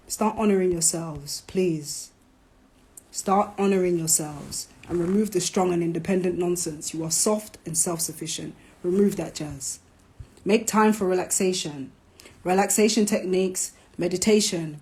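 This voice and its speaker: A woman hosting a live stream, talking casually, animated and preachy, with playful jabs. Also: lowish voice. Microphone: phone.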